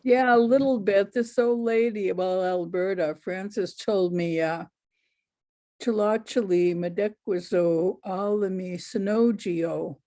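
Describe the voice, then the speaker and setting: A woman storyteller answering audience questions over a video call in an unhurried, easygoing way. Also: mid-range voice, fairly even intonation, warm tone.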